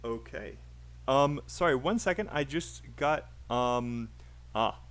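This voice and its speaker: A man's voice: mid-range voice, expressive, slow pace, fairly bright tone, clear, resonant tone. A man teaching a live online English speaking class, encouraging and laughing often.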